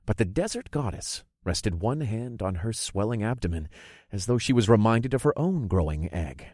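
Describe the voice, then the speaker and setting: A man narrates a first-person story in the style of an audiobook, his voice sitting a little low but swinging widely in pitch. The recording is dry and close, with no room sound around it. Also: no echo. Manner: expressive storytelling, voicing characters' lines.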